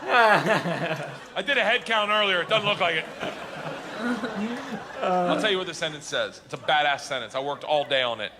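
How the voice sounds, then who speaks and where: A male stand-up comedian telling a long story with lots of energy, putting on voices for the people in it and yelling the big lines. His pitch sits a bit above the usual for a man. The clip carries a steady, clear layer of background noise. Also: normal speed, pauses often. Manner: animated, shouts punchlines, acts out other characters.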